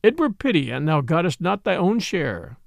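A booming, jolly friar from a storybook, as a male narrator puts him on, roaring his words out slowly. The voice sits high and swings widely in pitch, with a dry, close sound. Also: very animated, vocal fry, no echo, heavily acted. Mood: hearty. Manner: roaring, slow and loud.

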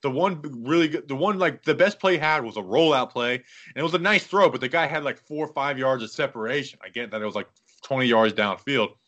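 A man's voice: medium pitch, brisk, muffled recording. A man hosting a casual football talk show, breaking down stats and then ranting with lots of fillers. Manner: animated, ranting with many fillers. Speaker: football podcast host. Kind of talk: casual sports commentary.

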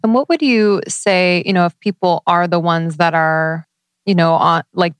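A woman co-hosting a podcast who asks her question haltingly, pausing to search for words. Her voice is lowish and the recording is dry. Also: fairly even intonation, clean tone, no room sound. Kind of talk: podcast conversation.

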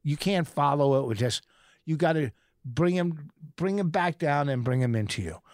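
A man's voice: a little high, expressive, moderate pace, dry recording, clean studio sound. A male comedian co-hosting a podcast, swearing and talking over his co-host as he insists on finishing his story. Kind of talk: argumentative podcast banter.

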